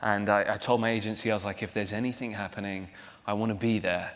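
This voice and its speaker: A man's voice: on the low side, steady tone, fast talker. A young man, an actor guest at a live onstage interview, talking in a chatty, laughing, self-deprecating way with many restarts. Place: large theater hall, live audience. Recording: hall reverb.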